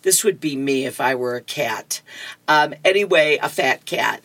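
A woman's voice: extremely low pitch, expressive, measured pace, a bit bright, dry recording. A woman reader on a radio reading service, reading comics with chatty, amused asides. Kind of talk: reading comics and horoscopes aloud.

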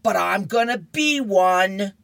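A woman's voice: deep voice, extremely slow, no room sound, heavily acted. A woman reading a comic strip voices a brash, bossy little girl.

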